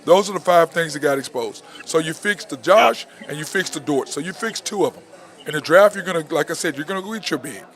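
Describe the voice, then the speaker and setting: A man hosts a sports talk show with blunt, opinionated energy. He keeps throwing rhetorical questions at the listener, his voice sitting slightly higher than most men's. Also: expressive, fairly quick, a bit bright. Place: outdoor venue at a barbecue spot.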